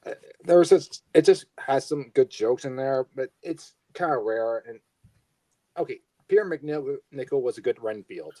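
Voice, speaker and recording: A man's voice: mid-range voice, lively intonation, a little slow, dark tone, no room sound. A man co-hosting a podcast in casual chat, hesitant, with fillers and restarts. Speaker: podcast co-host.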